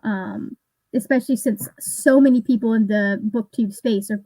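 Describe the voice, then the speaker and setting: A woman in her thirties chats loosely with co-hosts during a cozy online reading session, rambling from topic to topic and laughing easily. Her voice sits a little high and sounds close and dry, with no room around it. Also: moderate pace, mellow, no room sound, low-quality recording. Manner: chatty, rambling, laughs often. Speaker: booktube host. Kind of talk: casual livestream chat.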